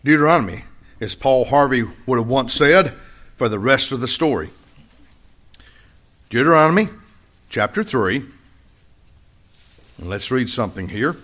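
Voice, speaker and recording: A man preaching a sermon, repeating key phrases and swinging between loud high emphasis and quiet low asides. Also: expressive, unhurried, pauses often. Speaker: pastor.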